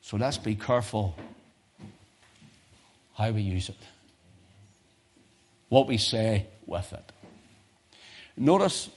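A sermon from a British man that begins in hushed, low-pitched musing and builds to a loud, high-pitched call to his listeners.

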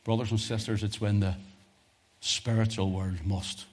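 A man preaching a sermon, telling personal testimony stories in an animated way. His voice sits low and sounds husky. He punches some lines loudly and drops others to a hush. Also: unhurried. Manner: animated storytelling, swings from loud emphasis to hushed.

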